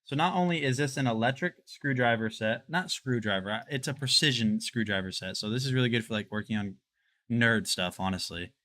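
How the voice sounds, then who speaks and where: A young man hosting a live product showcase stream, chatting casually and excitably straight to his viewers. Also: medium pitch, a little fast. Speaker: livestream product showcase host.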